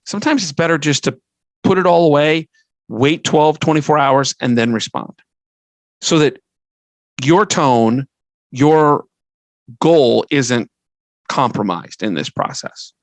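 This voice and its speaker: A man's voice: fairly high pitch, expressive, slow pace, long pauses, no room sound, low-quality recording. A middle-aged man hosting a podcast, giving earnest advice in a conversational way, listing his points and often restarting a sentence. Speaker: podcast host and fundraising consultant.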